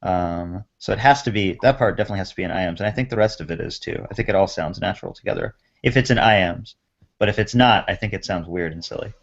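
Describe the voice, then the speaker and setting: A man's voice: low voice, fast, gravelly, dull audio. A man taking part as a student in an online class, thinking aloud casually over a video call.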